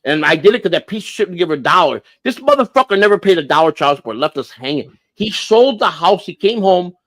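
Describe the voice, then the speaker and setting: A man around sixty tells a long family story on a casual livestream. His voice sits slightly high for a man. He is blunt and profane, restarting sentences and hammering his points. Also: expressive, fast talker, a bit bright. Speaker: livestream host.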